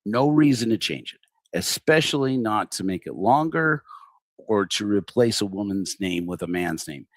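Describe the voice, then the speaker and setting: A middle-aged man hosting a livestreamed satirical sermon, addressing his target with sarcastic, theatrical mock flattery. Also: on the low side, normal speed, no room sound, studio quality. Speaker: host of a secular online congregation.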